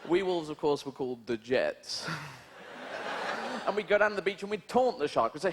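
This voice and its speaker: A man riffing through a surreal stand-up set, his voice fairly high for a man. He rambles from one absurd aside to the next. The old broadcast recording carries a heavy hiss. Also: moderate pace. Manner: rambling, absurd asides with frequent "you know". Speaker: stand-up comedian. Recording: noisy old TV broadcast, live audience.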